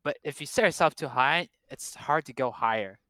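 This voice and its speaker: A man's voice: mid-range voice, moderate pace, sharp tone, no echo. A young man chatting casually about his past relationships, joking and rambling with many fillers and restarts. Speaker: guest.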